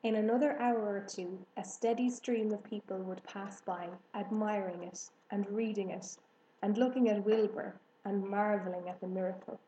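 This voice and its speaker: A woman narrating a children's storybook in an even, measured way. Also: mid-range voice, roomy sound, a little hiss or hum, rough recording. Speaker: audiobook narrator.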